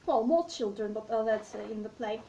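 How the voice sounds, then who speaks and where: Woman, high mellow voice, unhurried, hesitant with fillers, mic set back from her. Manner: hesitant, many fillers and restarts. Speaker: literature talk host. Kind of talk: slow reflective explanation of a play. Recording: voice distant from the mic.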